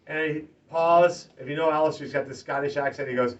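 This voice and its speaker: A man, a political candidate, giving a campaign stump speech to a small crowd, swinging from loud rallying to hushed, earnest talk. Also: a little high, fairly quick, hardly any pauses, noisy background. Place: party office meeting room. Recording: distant lo-fi room recording, faint ambience.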